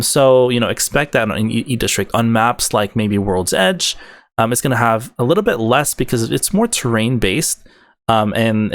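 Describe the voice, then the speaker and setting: A man hosting a gaming video, breaking down game updates in an enthusiastic, rambling way with many fillers and restarts. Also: medium pitch.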